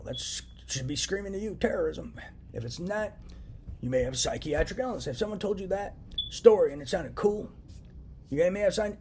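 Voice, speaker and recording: A man's voice: sits high, dark tone, breathy edge. A young man delivering an agitated, profane solo rant to camera from home, circling back to the same points again and again. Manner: agitated, profane, repetitive ranting. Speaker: vlogger. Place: indoors, at home.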